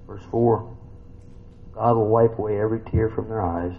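A man in his fifties preaching a sermon in a folksy, conversational way, tossing in rhetorical questions and swinging from loud, high bursts to quiet, low reading. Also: fairly even intonation, moderate pace, creaky. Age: 50s. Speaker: pastor. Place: church sanctuary. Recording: dull, lo-fi church recording with faint ambience.

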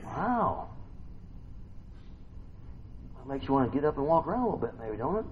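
A man giving an informal sermon to a small group. He keeps asking the listeners questions and swings between soft murmurs and loud bursts. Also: a little high, very animated, normal speed, long pauses. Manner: conversational, asks the listeners many questions. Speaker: preacher. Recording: slightly dull recording with faint noise.

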